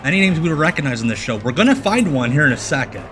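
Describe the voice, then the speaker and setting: A man's voice: fairly high pitch, big pitch swings, rapid-fire, fairly bright tone, slight background noise. A man hosting a live stream, reacting to an old fight show with sarcastic, joking asides. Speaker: stream host.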